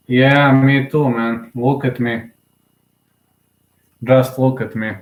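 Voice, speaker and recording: A young man giving live, emotional fan commentary on a fight, excitable and often repeating himself. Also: mid-range voice, slow pace. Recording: roomy echo.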